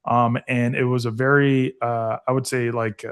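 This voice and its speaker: A man's voice: mid-range voice, level tone, normal speed, smooth. Earnest man talking heartfelt. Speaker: guest, veterans foundation founder. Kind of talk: casual podcast conversation.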